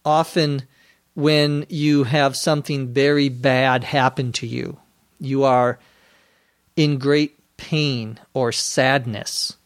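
Slow, deliberate male English teacher. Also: medium pitch, fairly even intonation, no room sound. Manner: slow and deliberate, spells words out letter by letter; dry humor. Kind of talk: slow, clear explanatory podcast talk.

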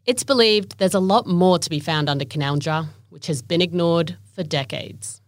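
A woman narrating a documentary in a measured, steady scripted voice. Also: on the low side.

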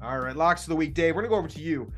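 A man's voice: fairly high pitch, rapid-fire, loud music behind the voice. A man hosting a casual sports betting podcast, chatty and jokey, laughing often. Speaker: podcast host.

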